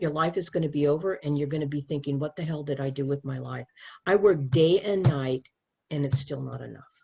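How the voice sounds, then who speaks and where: A middle-aged woman with a low, husky voice talks in a casual conversation. She is earnest and animated, often restarting her sentences. Her stories come from her work as a sex educator.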